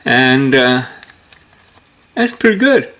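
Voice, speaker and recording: A man reacting casually, musing slowly over what he sees. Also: medium pitch, big pitch swings, pushed and bright.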